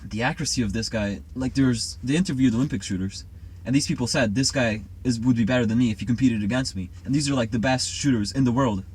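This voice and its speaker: A man's voice: medium pitch, fast, few pauses, darkish tone, breathy edge. A man chatting casually and rambling confidently through a conspiracy theory. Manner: rambling, self-assured. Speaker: co-host.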